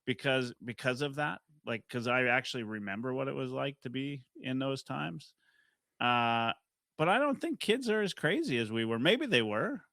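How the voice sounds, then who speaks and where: A man from Canada is a podcast guest in relaxed casual chat and often laughs along. His mid-pitched voice has a bright, forceful edge. The recording is close and dry. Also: moderate pace, creaky, no room sound.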